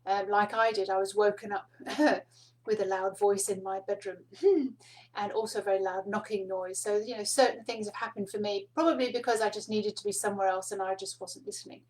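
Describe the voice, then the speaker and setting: A middle-aged woman hosting a spiritual card reading, speaking softly and meanderingly with fillers and small laughs. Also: medium pitch, fairly even intonation, fairly quick, rough recording. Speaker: spiritual card reader and host. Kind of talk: casual spoken teaching to camera.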